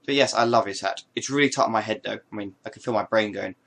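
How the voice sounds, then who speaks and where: A male vlogger chats casually to camera in a show-and-tell of his hats, full of playful, rambling jokes and asides. His voice is lowish and a bit bright with vocal fry, and he talks fast.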